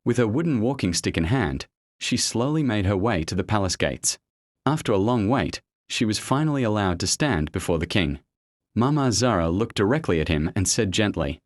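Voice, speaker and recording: A man tells a folktale in scripted storytelling narration, measured and expressive. His voice is low, with lively rises and falls. The sound is dry and close. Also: no room sound.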